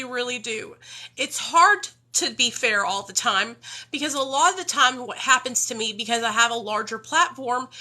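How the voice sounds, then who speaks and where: Blunt emotional high bright woman streamer. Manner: blunt, swearing, talks straight to her viewers. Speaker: livestreamer in recovery. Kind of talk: emotional unscripted livestream talk.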